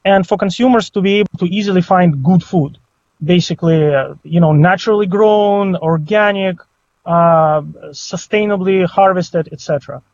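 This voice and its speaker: A man with a Russian accent answering interview questions over a Skype call, measured and full of "uh" fillers, with muffled call audio. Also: high-pitched, darkish tone. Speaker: guest, crypto project co-founder.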